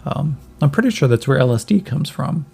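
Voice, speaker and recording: A man voicing a skinny, starving cyborg boy who jokes darkly and rambles, in a gravelly voice a little higher than his own. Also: expressive, brisk, dark tone, full character voice. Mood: joking. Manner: wry, rambling, gallows humor. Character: skinny starving cyborg kid, chatty, joking.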